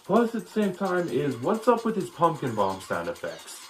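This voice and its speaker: A man's voice: fairly high pitch, wildly swooping pitch, moderate pace, fairly bright tone, soft background music. Rambling, opinionated male commentator. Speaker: video commentator. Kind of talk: casual critique commentary.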